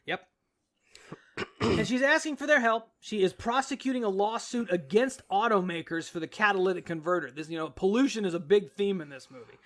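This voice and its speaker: High-voiced man recapping a movie. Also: a little fast. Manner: animated retelling with acted-out quotes and laughter. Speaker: podcast co-host. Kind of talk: casual movie recap chat.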